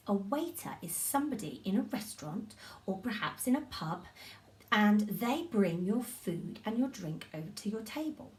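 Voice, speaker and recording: A woman teaching a drama session to young children, giving animated, coaxing instructions and encouragement. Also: mid-range voice, distant mic. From United Kingdom.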